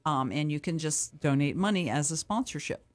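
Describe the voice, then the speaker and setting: A woman's voice: low voice, lively intonation, normal speed. A woman from an animal shelter's board, a guest on a radio chat, talking cheerfully and laughing easily. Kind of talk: casual radio interview.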